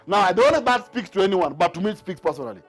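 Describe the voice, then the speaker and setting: A man with a high, breathy-edged voice preaches very fast and animatedly to a Bible class. He hammers his points home emphatically with repeated rhetorical questions, over soft background music.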